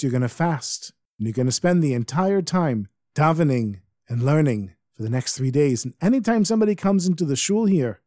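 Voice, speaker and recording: A man playing a calm old holy master, patient and reassuring, in a fairly high male voice. The sound is dry and close. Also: no room sound, lightly acted.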